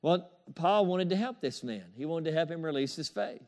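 A man delivers a sermon in a high, ringing voice. He preaches emphatically, repeats key phrases and draws amens from his listeners, now and then chuckling between points. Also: animated, moderate pace. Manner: emphatic, repetitive call-and-response preaching with chuckles. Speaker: pastor.

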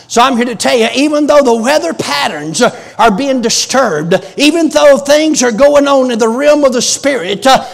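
A fervent preacher man delivering a Pentecostal sermon, often breaking into shouts. His voice sits very high for a man. It has a gravelly, creaky edge.

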